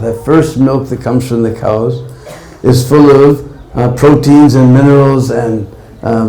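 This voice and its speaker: A man at a middle pitch tells a devotional story as a sermon. He keeps checking in with his listeners with "hmm?" and "huh?". His voice carries the echo of a roomy temple hall. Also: warm tone. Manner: tags lines with "hmm?" and "huh?". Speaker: preacher.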